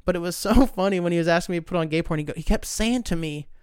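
Male host, loose and profane comic storyteller; smooth tone, close dry mic. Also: sits high, rapid-fire, no echo. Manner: profane, rambling, animated. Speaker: podcast host. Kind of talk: casual comedic storytelling monologue.

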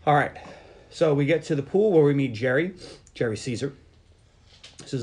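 A man hosting a podcast, casually recapping a movie and acting out its lines with lively retelling. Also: fairly high pitch, moderate pace, a little hiss or hum. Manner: animated retelling, acting out quotes. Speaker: podcast host.

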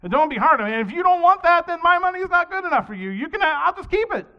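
A man's voice: extremely high pitch, big pitch swings, quick pace, voice pushed up, exaggerated voice. A preacher acting out a swimmer who haggles with God over his promises, in a dull lo-fi recording. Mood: haggling. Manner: wheedling, haggling. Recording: dull lo-fi sound.

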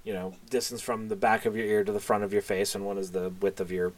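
A man's voice: fairly low pitch, steady tone, quick pace. A man narrating as game master in a tabletop game, hesitant with many fillers, over a voice call.

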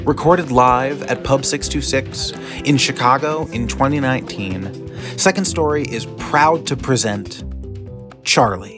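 A man hosting a podcast, reading a scripted introduction in a measured way. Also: mid-range voice. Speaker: podcast host. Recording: clear guitar music underneath. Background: guitar music.

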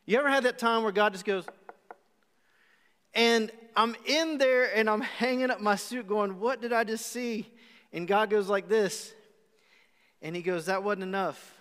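A man pastor preaching a live sermon, telling a story with animated acted-out asides. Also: high voice, measured pace, long pauses, clean tone. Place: church auditorium. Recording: live church hall with long reverb.

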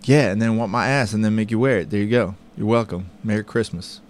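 Casual podcast guy with a smooth voice. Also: fairly low pitch, quick pace. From Florida, USA. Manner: joking, upbeat plugs for the show. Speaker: podcast co-host. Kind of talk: casual chat.

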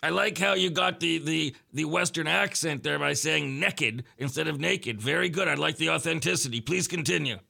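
A man's voice: fairly high pitch, moderate pace, vocal fry, hardly any pauses, sharp tone. A man hosting a late-night comedy call-in radio show, dry and teasing with his callers. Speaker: radio host.

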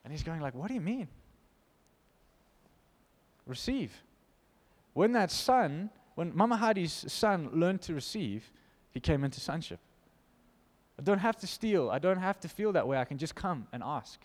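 A man preaching an informal sermon, reading scripture aloud and commenting with animated emphasis. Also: fairly high pitch, moderate pace, big-room sound. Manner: animated, emphatic, laughs between points.

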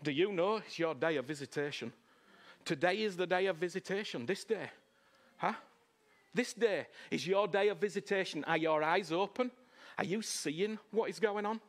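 A man preaching a sermon, repeating phrases and asking the crowd "Huh?", swinging between loud, raised lines and low, hushed ones. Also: normal speed.

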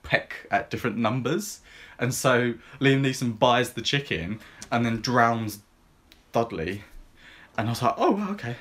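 A man's voice: medium pitch, a little slow. A man co-hosting a podcast, reviewing films in casual chat and retelling scenes in a rambling way, full of ums and likes. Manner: rambling and filler-heavy, lots of ums and likes; relaxed, retelling film scenes in plain everyday talk.

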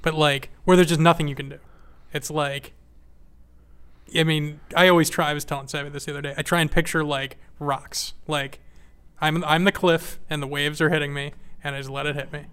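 Guy chatting on a podcast, crisp clear voice, dry jokes, kinda slightly high. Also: steady tone, a little fast, fairly bright tone. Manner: asks clarifying questions, dry joking. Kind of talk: casual chat.

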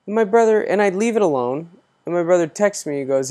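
A man's voice: sits high, animated, fast talker, warm tone. A man in his thirties hosting a podcast, telling an exasperated story in a casual, profane ranting way. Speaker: podcast host.

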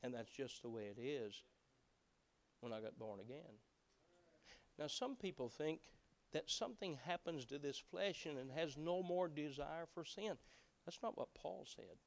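Folksy male preacher, high voice, acts out dialogue quietly, then builds to loud emphatic peaks. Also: measured pace, gravelly. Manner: swings between hushed acted-out dialogue and loud emphatic preaching; folksy, preaching with colloquial phrases. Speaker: pastor. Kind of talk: sermon.

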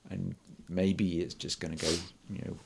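A man with a very deep, gravelly voice chats on a movie podcast. He halts and restarts as he works out his point. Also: level tone, a little mellow. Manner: hesitant, halting. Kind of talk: casual chat about a movie.

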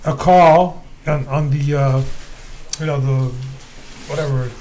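High-voiced man telling a DJ story. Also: steady tone, takes it slowly, mellow, slight background noise. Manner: laid-back, rambling with fillers. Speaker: DJ guest. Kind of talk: casual storytelling.

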